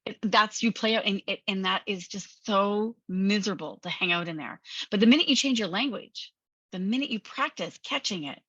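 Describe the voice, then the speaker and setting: A woman hosting a podcast, talking in an animated, emphatic coaching manner and laughing often. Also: medium pitch, moderate pace, husky, dry recording, muffled recording. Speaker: podcast host. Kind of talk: conversational coaching talk.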